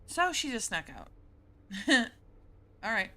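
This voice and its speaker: A woman's voice: a little high, huge pitch swings, takes it slowly, pushed and bright. A woman streamer casually reading and chatting through a story game, laughing often. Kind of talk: casual let's-play commentary and reading.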